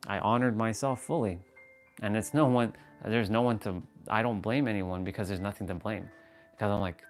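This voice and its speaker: A man's voice: on the low side, moderate pace, soft background music. A man hosting a fitness livestream, talking casually and frankly about feelings and self-growth, with swearing and many restarts.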